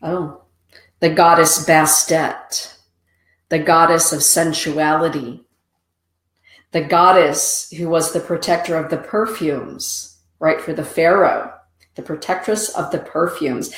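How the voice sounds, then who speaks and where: A woman's voice: lowish voice, slow, reverberant, poor audio. A woman hosting a show, giving soothing, affirming oracle card readings and greeting listeners by name.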